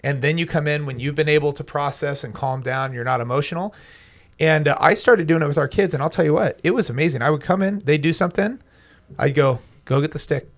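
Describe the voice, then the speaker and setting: Gravelly higher-voiced man telling stories. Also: quick pace. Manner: storytelling, emphatic, talks with his hands in quotes. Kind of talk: casual podcast conversation.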